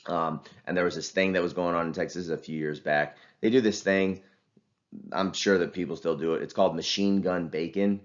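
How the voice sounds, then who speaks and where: A man's voice: low voice, fairly even intonation, fairly quick, lo-fi sound. A man lecturing a class in a casual, conversational way, with many fillers and restarts.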